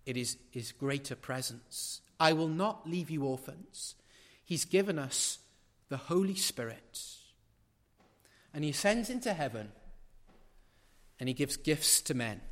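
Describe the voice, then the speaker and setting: Preacher with a long hall echo. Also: male voice, mid-range voice. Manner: builds to loud emphatic peaks, then drops to quiet asides; rhetorical questions and repetition. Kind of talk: sermon. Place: large church building.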